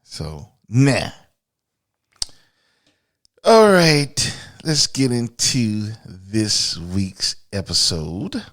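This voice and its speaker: A man's voice: lowish voice, expressive, very slow, a bit bright. A man hosting a podcast in a casual monologue, blunt and profane, often repeating words as he starts a sentence. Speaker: podcast host.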